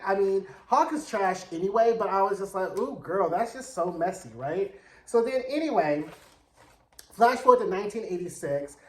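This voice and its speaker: A man giving a sassy, chatty recap of a TV episode, acting out the characters' lines in quick bursts. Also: high voice, roomy sound. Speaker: TV show reviewer. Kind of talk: casual recap commentary.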